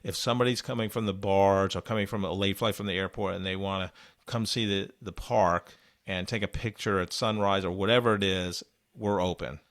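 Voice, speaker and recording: A man's voice: low-pitched, steady tone, a little fast, fairly bright tone. A man co-hosting a podcast, recapping an interview in casual, rambling chat with many restarts and fillers. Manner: rambling, frequent restarts and "you know". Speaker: podcast co-host.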